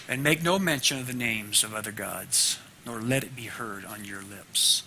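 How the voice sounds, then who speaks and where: A man teaching a class devotional in an earnest way, moving from loud teaching to a hushed prayer. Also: lowish voice, measured pace, a little hiss or hum.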